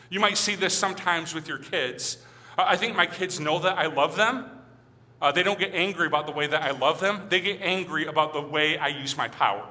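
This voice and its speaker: A man's voice: on the high side, sharp tone. A middle-aged male minister preaching a sermon and reading scripture aloud, earnest and building to emphatic stresses. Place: church sanctuary. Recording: long hall reverb.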